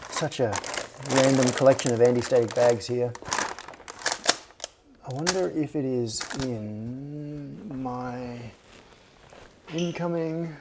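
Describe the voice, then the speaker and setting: A man's voice: mid-range voice, slow pace, long pauses. A man hosting a live stream, chatting casually and muttering to himself while he searches a workshop clean room. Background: rustling anti-static bags and clicks.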